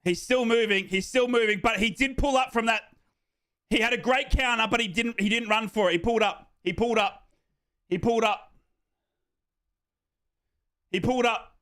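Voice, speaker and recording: Male fan host calling a match live, high bright voice, swings to shouting. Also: moderate pace, pauses often, clean tone. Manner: excitable, bursts into shouting celebrations; reads out viewers' names and answers them. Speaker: host of a live football watchalong.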